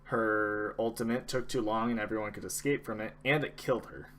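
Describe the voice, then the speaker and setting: A young man with a lowish, bright, forward voice hosts a laid-back gaming podcast. He rambles and restarts his sentences, filling pauses with ums, and he has the hiccups throughout. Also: fairly even intonation, slight background noise. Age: young adult. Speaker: podcast host. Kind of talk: casual gaming podcast chat.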